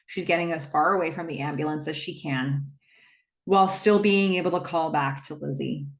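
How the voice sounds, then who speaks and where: Low-voiced woman recapping a movie. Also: normal speed. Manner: retells scenes step by step with fillers. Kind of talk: casual plot recap.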